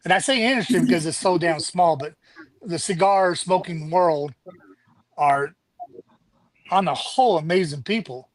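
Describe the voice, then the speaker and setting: Guesting on a casual show, a middle-aged charity founder and Army veteran speaks frankly, with occasional swearing. He has a high voice and talks a little slowly with long pauses, on a low-quality recording without echo.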